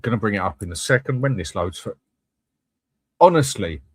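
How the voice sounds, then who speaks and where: A man's voice: fairly low pitch, lively intonation, moderate pace, slightly rough, dry recording. A man hosting a live fan channel, chatting bluntly with viewers and swearing freely. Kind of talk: live-stream chat reading comments.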